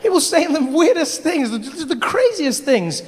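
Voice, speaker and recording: A male stand-up comedian performing an animated, mocking routine live on stage. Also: very high-pitched, normal speed, hardly any pauses. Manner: animated, mocking, rising to shouts. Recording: reverberant theater with faint noise.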